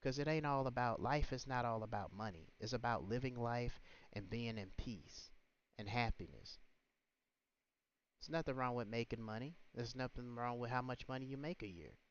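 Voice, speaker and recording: A man rants on his livestream, indignant and scolding, piling up rhetorical questions. His voice is smooth and resonant, though the stream audio is muffled and lo-fi. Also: mid-range voice, normal speed. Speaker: livestream host. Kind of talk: ranting livestream commentary.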